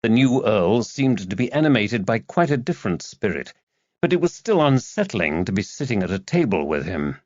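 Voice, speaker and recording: Male narrator, low voice, expressive, dull dry lo-fi sound. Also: normal speed, no echo. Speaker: audiobook narrator. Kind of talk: scripted narration.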